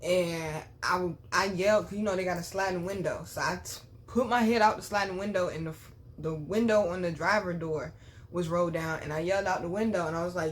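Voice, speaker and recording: Swearing freely and telling it straight, this woman, a vlogger and spiritual reader, shares a personal storytime with her viewers at a brisk pace. Her lively delivery swings from quiet murmuring to sudden loud outbursts.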